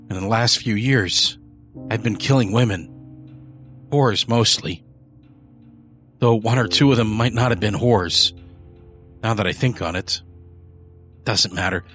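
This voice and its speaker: A man's voice: on the low side, fairly bright tone, natural voice. A man voicing an arrogant, cruel rich young heir with a quavering voice that turns boastful and callous. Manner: pleading, quavering, then boastful.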